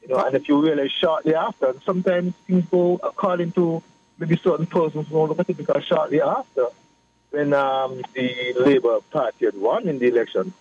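A man, a political guest explaining his views in a measured way on a radio talk show. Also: on the high side, darkish tone, husky. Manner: measured, explanatory, repeats phrases. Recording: muffled radio broadcast with faint hiss.

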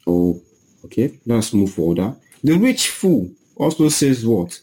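Man, preacher, sermon, emphatic, dramatic quotes, mellow tone, husky. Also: lowish voice, lively intonation, moderate pace, rough recording. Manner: emphatic, acts out quoted lines in a raised voice.

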